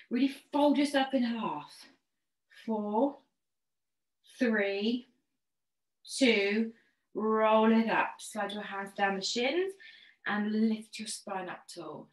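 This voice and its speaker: A woman's voice: mid-range voice, slow pace, long pauses. A woman teaching a pilates class, cueing and counting each move in an encouraging way while slightly out of breath. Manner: encouraging, counts reps and gives step-by-step cues. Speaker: fitness instructor. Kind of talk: online pilates class instruction. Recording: echoey room.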